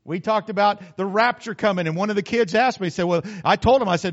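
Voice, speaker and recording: A man preaching in a folksy, talkative way, voice pitched high for a man. He drops into playful acted asides to make his points, and the recording sounds a bit muffled. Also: fast talker. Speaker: pastor. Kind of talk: sermon.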